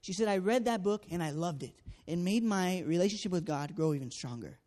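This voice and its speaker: A man's voice: high voice, expressive, a little fast, a little mellow. A man sharing a personal testimony of his time as a door-to-door canvasser, talking earnestly with many fillers and acting out the dialogue. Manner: earnest storytelling, acts out dialogue, frequent fillers.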